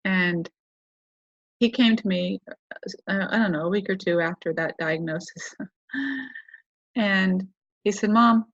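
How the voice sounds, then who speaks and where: A middle-aged woman with a lowish voice chats through a personal story, wandering and correcting herself as she goes. The recording is dull and lo-fi, and the sound is dry and close with no room around it. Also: steady tone, a little slow, pauses often, no echo. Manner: rambling, self-correcting, chatty. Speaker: podcast host.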